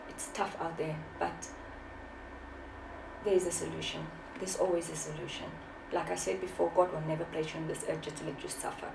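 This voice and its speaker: A woman's voice: on the low side, gravelly, reverberant, far from the mic, background noise. A woman in her forties, from South Africa, speaking as an author in an interview, impassioned and preachy, often repeating her words. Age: 40s. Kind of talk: emotional testimony.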